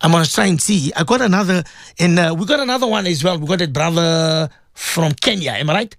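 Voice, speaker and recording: A man's voice: on the high side, brisk, fairly bright tone, dry recording, studio quality. A man hosting a devotional radio show, pleading and impassioned, often repeating his words. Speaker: radio host and cleric. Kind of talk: emotional radio devotional talk.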